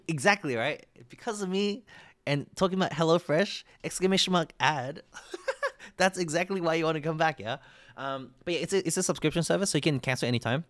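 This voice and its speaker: A man's voice: on the high side, no echo. An Australian man live streaming, chatting casually and rambling through a sponsored ad with frequent laughs and self-corrections.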